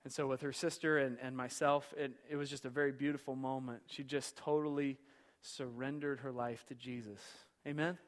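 A man preaching a sermon as pastor, telling a story with passion, swinging from hushed to loud. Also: mid-range voice, level tone, moderate pace. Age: young adult.

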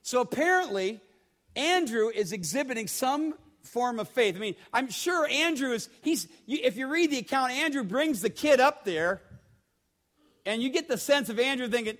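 A man's voice: very high-pitched, expressive, normal speed, fairly bright tone. A man preaching a sermon in a conversational way, often repeating words and asking the congregation questions. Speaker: pastor.

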